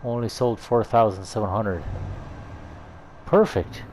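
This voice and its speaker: A man hosting his gaming channel, chatting in a relaxed, rambling way over his farming gameplay, thinking out loud as he goes. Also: fairly low pitch, unhurried, slight background noise. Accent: slips into a put-on Irish lilt. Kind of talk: casual gameplay commentary.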